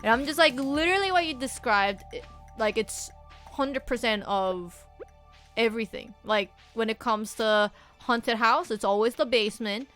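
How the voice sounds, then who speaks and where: A young woman streamer with a bright, clear voice pitched a little high. She chats casually while playing and retells stories with animated, acted-out quotes, over faint background music. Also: unhurried. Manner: animated storyteller, acts out quoted people. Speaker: co-host playing a farm game on stream. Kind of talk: casual chat while gaming.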